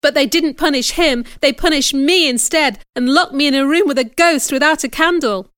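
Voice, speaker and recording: A woman's voice: high voice, moderate pace, fairly bright tone, no room sound, clean studio sound, pitched above the performer's own voice. A woman voicing an unhappy ten-year-old orphan girl who pleads desperately in a storybook reading. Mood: plaintive.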